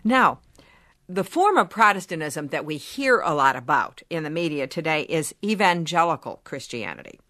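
A woman hosting an interview, asking measured, clear questions. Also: deep voice, animated, a bit bright, dry recording, clean studio sound. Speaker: interviewer, host.

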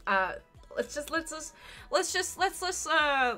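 A woman's voice: high voice, very animated, slow, bright, forceful tone, soft background music. A young Australian woman from Queensland, rambling and swearing as she chats casually with her live-stream audience. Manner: rambling, swearing, jokey, frequent laughs. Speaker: livestreamer.

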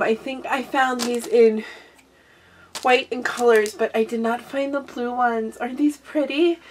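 A young adult woman excitedly chatting through a craft mail unboxing, gasping and gushing over each item. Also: on the high side, a little hiss or hum. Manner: gushing, excitable, gasps often. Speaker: craft vlogger. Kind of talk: casual unboxing chat.

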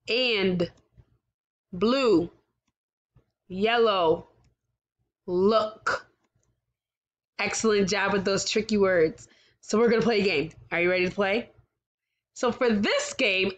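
A woman's voice: medium pitch, a bit bright. A woman teaching a recorded kindergarten lesson, encouraging the children and sounding out letters one by one.

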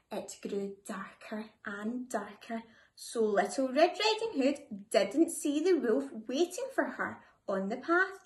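A woman reading a children's story aloud in a lively, expressive way. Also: on the high side. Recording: echoey room.

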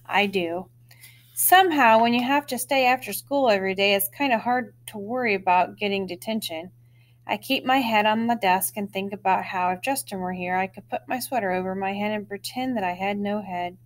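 A woman reading a children's chapter book aloud, with expressive storytelling and lively lifts in her voice. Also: medium pitch, normal speed.

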